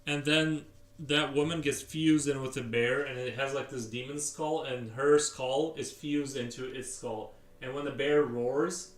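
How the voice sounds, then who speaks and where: A man's voice: mid-range voice, fairly bright tone. A man chatting casually on a live stream while he sketches, rambling as he answers viewers' chat. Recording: roomy, distant mic, faint music.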